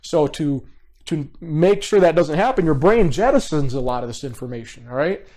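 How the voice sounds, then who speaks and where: A man's voice: a little high, lively intonation, normal speed, warm tone. Casual, direct man teaching a live online class. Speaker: behavior profiling instructor.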